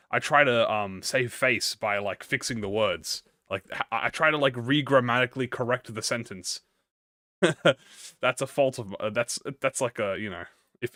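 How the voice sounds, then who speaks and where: Reading a story aloud on a livestream, this man talks to chat with slang and encouragement, stuttering and starting over frequently. His mid-range voice is bright and forceful, with clean studio sound and no room echo.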